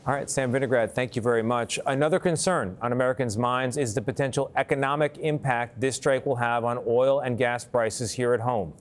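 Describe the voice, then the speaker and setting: A man anchoring live news coverage, introducing guests and asking questions in a measured, polite way. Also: mid-range voice.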